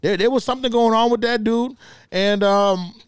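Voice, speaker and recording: A man hosting a podcast alone, telling stories in casual, profane, animated talk with laughs. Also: high-pitched, normal speed, smooth, no room sound, clean studio sound. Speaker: podcast host. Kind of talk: casual solo storytelling.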